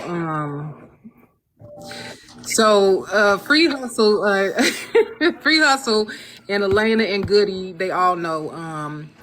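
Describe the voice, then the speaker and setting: A woman giving a casual testimonial, telling her story in an animated way and quoting what others said to her. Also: fairly low pitch, slight background noise. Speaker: guest sharing her experience.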